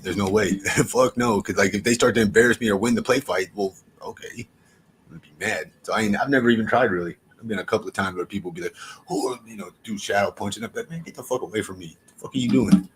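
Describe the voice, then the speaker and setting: A man's voice: lowish voice, fairly bright tone, slight background noise. A man livestreaming, telling a story casually to his chat in a profane, rambling way with frequent restarts.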